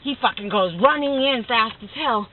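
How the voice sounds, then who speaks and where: A woman's voice: a little high, moderate pace, over a noisy crowd. Rambling woman telling crude jokes. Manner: rambling, profane, animated storytelling. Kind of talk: casual joke telling among friends. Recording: tinny phone-like sound.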